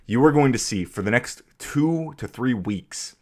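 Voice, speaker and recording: A man's voice: mid-range voice, expressive, a little slow, a little mellow. A man hosting a live stream, giving heated, emphatic commentary. He swears freely and often repeats himself as he talks. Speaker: streamer host.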